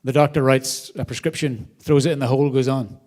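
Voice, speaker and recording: A man addresses a crowd from a theater stage at a charity gala. His voice sits at an ordinary pitch, and he tells stories with energy, getting loud for punchlines and dropping soft for thank-yous. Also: brisk. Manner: animated storyteller, varied loudness. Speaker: charity host. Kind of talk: live event speech.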